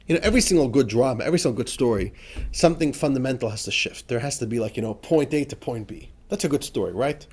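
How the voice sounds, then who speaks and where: A man's voice: medium pitch, lively intonation, fast, darkish tone, husky. A rabbi teaching a class on a religious text, chatty and informal, often asking his listeners rhetorical questions. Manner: chatty and informal, with frequent fillers like "right?" and "you know". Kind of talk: explanatory lesson on a religious text.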